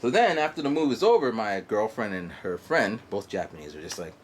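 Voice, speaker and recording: A man in his forties vlogging a rambling, halting story full of fillers, digressions and mouth sound effects. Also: lowish voice, expressive, background noise. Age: 40s. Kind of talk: rambling monologue. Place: guest house in Japan.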